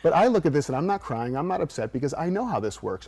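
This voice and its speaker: Man, coach guest, quick storytelling, dark mellow voice. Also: fairly high pitch, vocal fry. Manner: animated storyteller acting out quotes. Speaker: mental performance coach.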